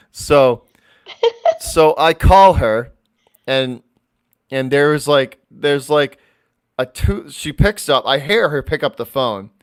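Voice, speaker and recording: A man co-hosting a casual trivia stream from home, talking with his girlfriend in a halting way, restarting his sentences often. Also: mid-range voice, clear, resonant tone. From Boston area. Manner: halting, restarts a lot while recalling. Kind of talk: casual chat.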